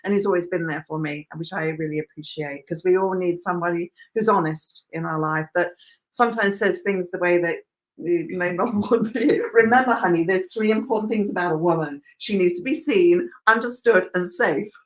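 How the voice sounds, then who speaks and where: Lively woman teaching hairdressing. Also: fairly low pitch, moderate pace. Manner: lively, laughs often, emphatic. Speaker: hairdressing educator. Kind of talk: live online class.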